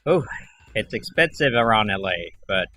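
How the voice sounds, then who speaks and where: Bright-voiced man rambling casually on stream. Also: lowish voice, normal speed. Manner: rambling, acts out callers in animated voices. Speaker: livestream host. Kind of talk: casual livestream chat.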